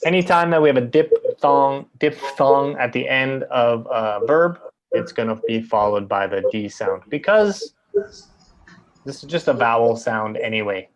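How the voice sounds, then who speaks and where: A man leads a pronunciation lesson at a very unhurried pace, stretching each vowel so learners can copy it. He keeps checking in with a quick "right?". The audio is a little dull and lo-fi. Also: medium pitch, lively intonation. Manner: slow, drawn-out model sounds with many "right?" checks. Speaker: English teacher.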